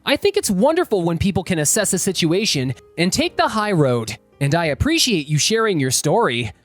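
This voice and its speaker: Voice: mid-range voice, sing-song, fairly quick, soft background music. A host of a story channel, signing off in an upbeat, friendly scripted read. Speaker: host narrating reddit stories.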